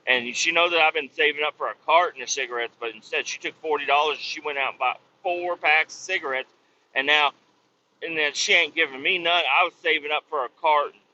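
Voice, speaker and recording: A man hosting a podcast, telling a profane comedic story in an animated rant with loud exasperated outbursts. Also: fairly high pitch, brisk, lo-fi sound, slight background noise. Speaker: podcast host.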